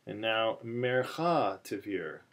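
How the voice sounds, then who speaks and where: A man teaching a chanting lesson, talking slowly through many fillers and restarts, then breaking into short chanted phrases. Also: on the low side, lively intonation, fairly bright tone. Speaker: cantillation teacher. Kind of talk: chanting lesson, spoken explanation with chanted examples. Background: phone ringing in the background.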